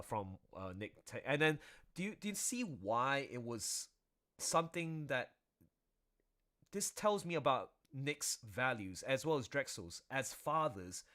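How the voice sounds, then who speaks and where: A man chatting casually on his drawing stream, rambling through animated commentary. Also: mid-range voice. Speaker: artist streaming while drawing. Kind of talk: casual chat.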